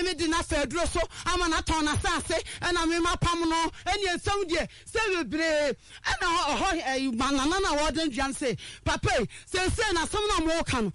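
A woman recounting her own story in a very high, sharp, ringing voice. She tells it with animation, acting out the people she quotes and sometimes raising her voice. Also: no room sound. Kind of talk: personal storytelling.

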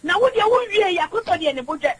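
On a low-quality recording, a woman calls in to a radio show to give her opinion. Her very high-pitched voice is expressive and fast, full of impassioned emphasis, and she mixes English into her talk.

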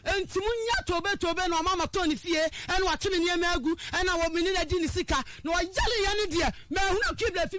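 A woman telling a personal story, animated, acting out the people she quotes and raising her voice at times. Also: very high voice, noisy background.

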